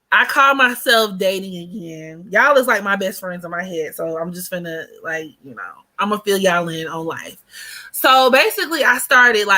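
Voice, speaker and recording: Young woman vlogger with a bright, forward voice, gabby storytime energy. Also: mid-range voice. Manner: chatty and animated, heavy on fillers, addresses viewers as y'all. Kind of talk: casual storytime chat.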